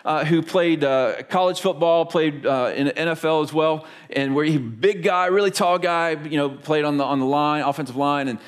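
A man's voice: a little high, moderate pace, few pauses, clear, resonant tone. A man in his forties from Florida, preaching a sermon in a chatty, storytelling way and asking the congregation questions. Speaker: pastor.

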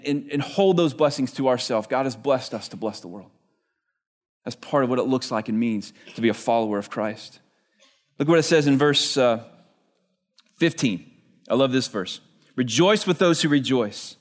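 A male pastor preaching a sermon in a church, telling stories conversationally with frequent "right?" asides. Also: medium pitch.

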